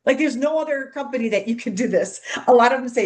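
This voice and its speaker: A woman's voice: a little high, animated, quick pace, darkish tone. Chatty woman walking a group thru a skincare demo, bubbly, keeps saying you guys. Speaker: skincare consultant coaching how to host a product party. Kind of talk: hands-on demonstration talk.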